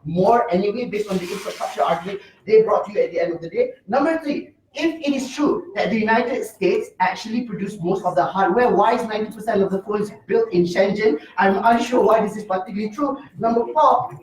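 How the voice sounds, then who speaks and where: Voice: mid-range voice, recorded from a distance. A young adult competitive debater giving an emphatic speech, rattling off numbered points and rebuttals. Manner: emphatic, heavy signposting, rapid rebuttals. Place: debate room. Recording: roomy echo, mic from afar.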